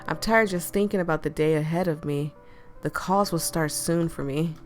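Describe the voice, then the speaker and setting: Deep-voiced chatty woman streamer. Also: moderate pace, faint music behind. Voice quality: deep natural speaking voice. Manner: chatty, laughs often, reacts loudly. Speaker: game streamer. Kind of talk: playing and reading a visual novel aloud.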